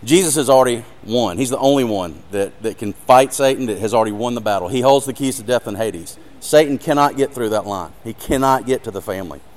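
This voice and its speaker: A man's voice: medium pitch, a little fast, hardly any pauses, a little mellow. A man giving an earnest sermon with a live demonstration, speaking directly to his audience and growing emotional. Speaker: ministry speaker.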